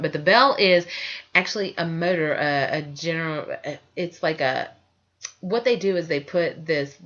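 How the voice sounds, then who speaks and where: A woman co-hosting a paranormal podcast, chatting loosely and excitably, swearing freely. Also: deep voice, dull audio. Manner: loose, profane, excitable storytelling. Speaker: podcast co-host. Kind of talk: casual chat.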